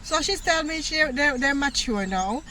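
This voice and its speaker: A woman from Jamaica with a Jamaican accent, telling a personal story in a casual, animated way, laughing often and using patois words. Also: high-pitched, normal speed, a little hiss or hum. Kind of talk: casual story time monologue.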